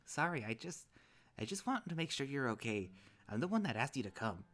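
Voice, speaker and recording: Picture an eager young lynx, a fussy and cheerful male hiker who babbles as he frets over a tired friend, as a man puts on the voice in a story reading. The voice sits well above the reader's own deep tone and is clearly a put-on. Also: sing-song, brisk, a bit bright. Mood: worried.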